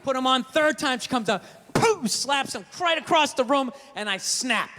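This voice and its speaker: A man's voice: extremely high pitch, expressive, moderate pace, pushed and bright. A middle-aged man doing stand-up comedy, telling stories in a profane, ranting way.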